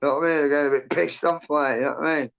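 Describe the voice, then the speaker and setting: A man's voice: fairly high pitch, fairly even intonation, rapid-fire, creaky, a bit bright, clean tone. A man telling a rambling, sweary, agitated story in casual chat. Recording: muffled lo-fi audio.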